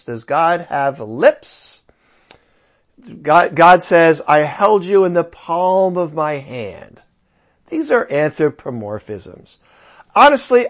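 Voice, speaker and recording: Tired, slightly high-voiced male Bible lecturer. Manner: conversational, asks the class rhetorical questions. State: tired, talking slowly. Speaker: Bible teacher.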